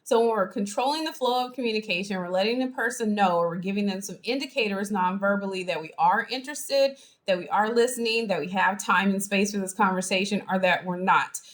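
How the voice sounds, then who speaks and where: A woman instructor giving a chatty, animated lecture to a live online class, acting out examples as she goes, heard through a video-call microphone. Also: medium pitch, a little fast, few pauses. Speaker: college instructor.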